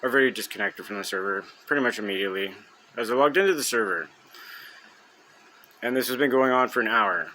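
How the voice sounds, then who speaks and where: Young man, angry gamer rant, constant swearing, mid-pitched voice, faint room hum behind. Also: fast, long pauses. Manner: furious, heavy swearing, loud outbursts. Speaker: gamer venting on video.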